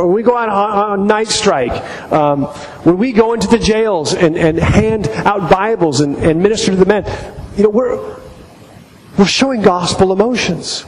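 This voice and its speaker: Middle-aged male pastor, high-pitched and halting in a sermon, recorded in an echoing church hall. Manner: halting, repeats words while telling stories. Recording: long reverb in a hall, faint noise.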